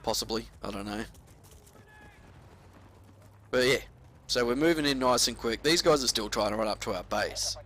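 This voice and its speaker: A man's voice: mid-range voice, normal speed, pauses often, fairly bright tone, slight background noise. A young man casually commentating over his gameplay at home, laid-back with frequent swearing and ranty asides.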